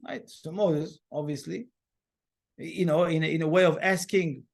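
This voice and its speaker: A man's voice: sits high, measured pace, creaky, pauses often. A man teaching a class on spiritual matters, talking in loose phrases with restarts and fillers and acting out the voices he quotes. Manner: animated, acts out quoted voices. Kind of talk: lecture to a class.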